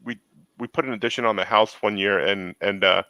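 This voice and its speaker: A man's voice: fairly low pitch, fairly even intonation, brisk, sharp tone, dry recording, poor audio. A man hosting a casual chat, telling long rambling stories. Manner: rambling storyteller. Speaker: host.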